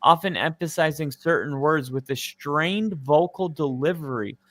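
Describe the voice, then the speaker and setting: A man's voice: on the high side, moderate pace, a bit bright. A man co-hosting a football live stream in casual chat, rambling with lots of fillers.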